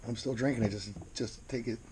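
A man with a Mid-Atlantic American accent reviewing beer in a casual video, plain-spoken and unhurried, repeating words as he searches for them. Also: medium pitch, steady tone, warm tone, a little hiss or hum.

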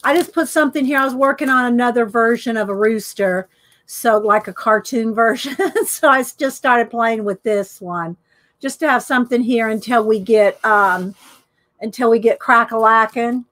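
A woman's voice: fairly high pitch, normal speed, a bit bright. A middle-aged woman hosting a casual live art stream, chatting and greeting viewers by name. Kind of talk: casual live-stream chat while coloring.

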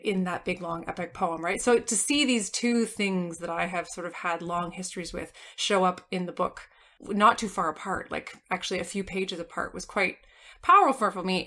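Lower-voiced woman podcast host. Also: a bit bright. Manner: earnest, builds long questions with "like" and "so". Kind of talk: conversational interview questions.

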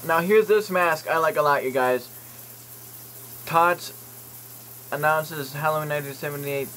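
A man with a slightly high, fairly bright voice casually vlogs for YouTube while browsing online, reading product listings aloud with jokey, rambling asides and an occasional curse. The recording is low quality with slight background noise.

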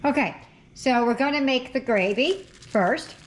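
A woman hosting a cooking channel talks a little slowly in a mid-range voice, chatty and self-correcting as she cooks. Sizzling and frying fill her kitchen, along with slight background noise.

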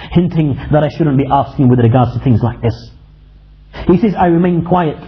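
A man telling a religious story as a lecture, quickly reciting Arabic verses between English retellings. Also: fairly high pitch. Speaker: Islamic lecturer. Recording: dull lo-fi lecture recording.

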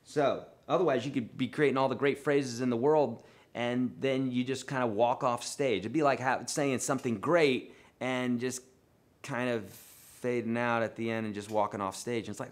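A man teaching a live online guitar lesson, coaching in a relaxed, repetitive way and checking in often with the viewers. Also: medium pitch, moderate pace. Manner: relaxed, repetitive coaching with frequent "okay?" and "right?".

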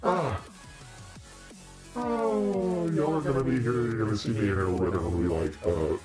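A man's voice: mid-range voice, sing-song, a little slow, darkish tone, soft background music. A middle-aged man, hosting a casual live stream chat, joking and rambling and laughing often.

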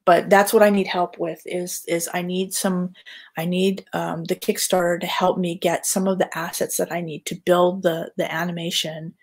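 A woman's voice: fairly low pitch, level tone, normal speed, husky. A woman artist casually chatting on a livestream, rambling with lots of fillers and restarts. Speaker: artist hosting a live chat.

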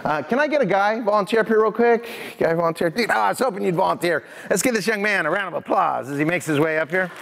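A man giving a lively prevention talk to a youth audience, telling stories and speaking to the crowd directly. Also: high-pitched, fast talker, vocal fry, hardly any pauses. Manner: energetic, addresses audience directly. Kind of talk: lively presentation with storytelling. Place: church hall. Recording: echoey hall.

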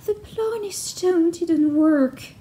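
A woman voicing a lonely female banshee in a storybook, speaking slowly in a high, pleading tone. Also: dark tone. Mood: forlorn. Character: sad lonely female banshee who wants to sing.

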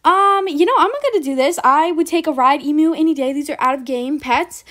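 A young woman chatting excitedly over a video game, with lots of ums and likes as she plays. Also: high-pitched, fairly quick. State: briefly out of breath. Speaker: gaming video host. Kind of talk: casual gameplay commentary.

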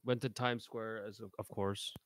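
A man's voice: fairly low pitch, level tone, normal speed, no room sound, clean studio sound. A man in a casual podcast chat, rambling through a travel story with lots of "you know" and "like".

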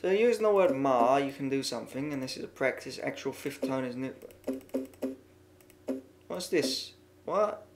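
A man's voice: mid-range voice, lively intonation, moderate pace, long pauses. A man playing a video game and commenting aloud, muttering, swearing often and reading the on-screen text as he goes. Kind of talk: let's-play commentary.

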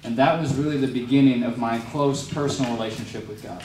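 With a mid-range, slightly mellow voice and a fast delivery, a young motivational youth speaker rambles through a self-mocking talk to a youth group gathered in a large room. He takes questions from the audience, and the recording has echo, a distant mic, and crowd noise.

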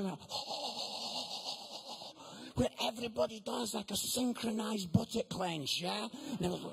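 A man preaching in a comic storytelling style, animated and acting out other people's voices, swinging between loud exclamations and hushed asides. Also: high voice, vocal fry, husky. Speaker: preacher and comedian.

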